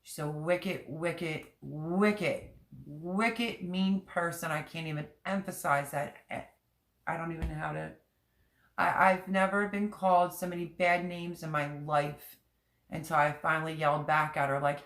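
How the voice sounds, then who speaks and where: A woman's voice: sits low, fairly even intonation, a little slow, a bit bright. A middle-aged woman hosting a casual livestream chat from home, talking in a candid, emotional and rambling way and repeating herself. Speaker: livestream host. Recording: echoey room.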